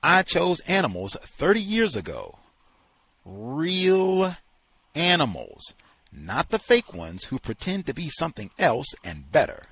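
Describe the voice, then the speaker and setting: A man reads out an enraged male kennel keeper in a dry, close sound, husky and hoarse-edged. His pitch swoops wildly between high shouts and low growls. He rants slowly and heavily. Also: huge pitch swings, no echo, exaggerated voice. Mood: defiant. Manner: shouting, ranting. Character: furious gruff male kennel owner, misanthropic.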